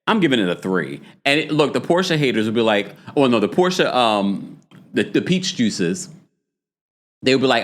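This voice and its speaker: Guy doing a reality tv recap stream, super lively pitch, laughs a lot, reads chat out loud. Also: moderate pace. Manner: animated, laughing, reads chat comments aloud; puts on a dramatic voice to read taglines. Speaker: host.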